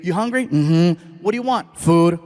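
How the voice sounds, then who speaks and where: A man's voice: high-pitched, lively intonation, moderate pace, in a large hall, noisy background, pitched below the performer's own voice. A man voicing his teenage son, a sullen sixteen-year-old who grunts one-word answers. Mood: curt.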